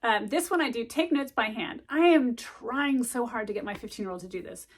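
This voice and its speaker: A woman's voice: fairly high pitch, brisk. A middle-aged woman chatting casually to camera as a vlogger, rambling with lots of ums and likes as she gives study tips.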